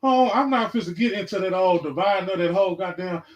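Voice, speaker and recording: Excitable high-voiced man in his forties. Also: quick pace, muffled recording. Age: 40s. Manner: excitable, breaks into loud hyped bursts, profane, addresses listeners directly. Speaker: podcast host. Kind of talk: casual preachy podcast monologue.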